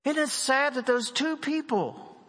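A man's voice: extremely high pitch, a little slow, fairly bright tone, big-room sound. A man from West Virginia preaching a sermon, telling a story and acting out the people in it. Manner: storytelling preacher, acts out the people in his stories. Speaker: pastor.

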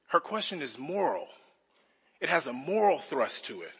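A male pastor preaches in a bright, slightly husky voice with a fairly high pitch. He delivers an earnest, expository sermon full of rhetorical questions. The sound carries a long reverb from a large church sanctuary. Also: sing-song, normal speed.

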